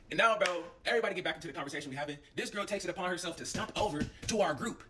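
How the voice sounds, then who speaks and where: A young man casually telling a story, animated and full of slang and swearing. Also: sits high, racing, few pauses, recorded from a distance, background noise.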